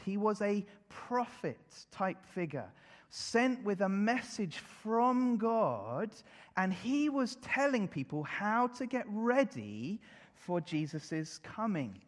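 A man giving an animated children's sermon, leading the congregation in call-and-response. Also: high voice. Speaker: preacher. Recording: long hall reverb.

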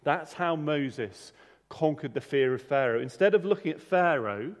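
A man's voice: on the high side, expressive, moderate pace. Man preaching in a reverberant hall. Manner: conversational, with frequent restarts and repeated words. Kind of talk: sermon.

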